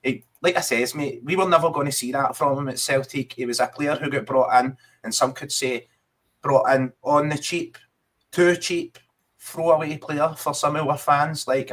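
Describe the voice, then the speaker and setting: A man's voice: fairly high pitch, fairly even intonation, normal speed, a bit bright. A man with a Scottish accent, co-hosting a podcast and chatting casually about football and often saying "mate". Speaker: podcast co-host.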